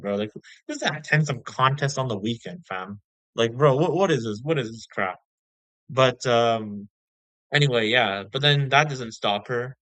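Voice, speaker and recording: A man's voice: mid-range voice, bright, forceful tone, dry recording, low-quality recording. Rambling, slangy young-sounding man. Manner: rambling, slangy, full of fillers like "bro". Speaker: movie reviewer. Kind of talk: casual spoken movie review.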